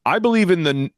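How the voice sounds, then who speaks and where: A man's voice: high voice, no echo. A young man co-hosting a comedy podcast, telling stories with gusto and acting out the people in them. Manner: animated storyteller, acts out quoted people. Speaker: podcast co-host. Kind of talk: casual chat.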